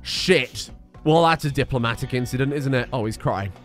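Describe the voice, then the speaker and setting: A young man giving joking, animated commentary on a strategy game he plays, swearing freely. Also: mid-range voice, normal speed, faint music behind. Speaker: gaming YouTuber. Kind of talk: comedic let's-play commentary.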